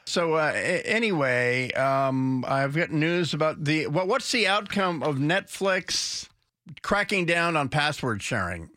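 A man hosting a talk radio show who rambles in opinionated banter, halting and restarting often. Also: on the high side, animated, pushed and bright.

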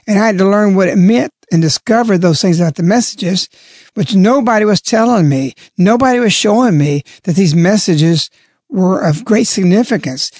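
A man's voice: high voice, moderate pace, a little mellow, no echo. Emphatic man preaching in a dry close voice. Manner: emphatic, repeats key words for stress. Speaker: lay religious speaker. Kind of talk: spoken reflection on religious messages.

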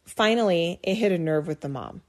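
A woman's voice: lowish voice, a little fast. Chatty woman podcast host telling a story. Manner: animated storyteller, lots of "like" and restarts. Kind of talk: casual chat, storytelling.

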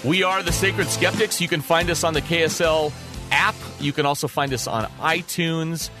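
A man's voice: fairly high pitch, normal speed, over music. A man co-hosting a radio talk show, chatting conversationally and teasing with mock questions.

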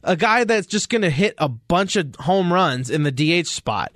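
Animated man telling baseball stories. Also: fairly high pitch, normal speed, no room sound, studio quality. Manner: animated storytelling, acts out quotes. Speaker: podcast co-host. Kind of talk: casual sports chat.

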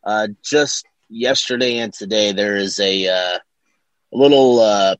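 Halting low-voiced male co-host. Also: no room sound. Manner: halting, searches for words. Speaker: podcast co-host. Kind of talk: casual sports podcast chat.

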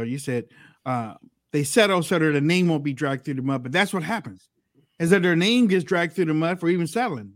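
A man's voice: fairly high pitch, no room sound, studio quality. A man co-hosting a political talk show, arguing emphatically and repeating his points. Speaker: co-host.

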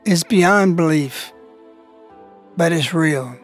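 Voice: medium pitch, slow pace. A host introducing a broadcast in an earnest, emphatic way. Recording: dry recording with faint music behind.

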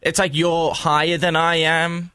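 A man's voice: a little high, little pitch movement, a little slow, sharp tone, clear, resonant tone, no echo, studio quality. An Australian man co-hosting a podcast in casual chat, blunt and teasing. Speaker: podcast co-host.

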